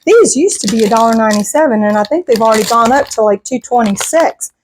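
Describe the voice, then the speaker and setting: A middle-aged woman, talking casually to her viewers in a voice that sits a bit higher than most. She rambles from one thought to the next and laughs often. She is recorded at home on a clip-on mic. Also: lively intonation, fast, noisy background. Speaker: vlogger. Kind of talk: casual chat to camera. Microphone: clip-on microphone.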